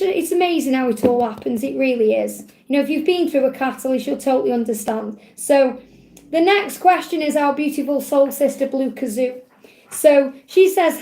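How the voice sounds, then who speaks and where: A woman with a Stoke-on-Trent accent, chatting warmly and digressively as she answers viewers' questions in a live card reading. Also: high-pitched, reverberant. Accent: Stoke-on-Trent English. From England. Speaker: spiritual reader.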